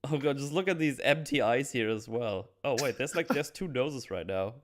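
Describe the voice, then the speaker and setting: A man hosting a casual film review chat, laughing often and acting out characters in quick voices. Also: mid-range voice, expressive. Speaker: podcast host.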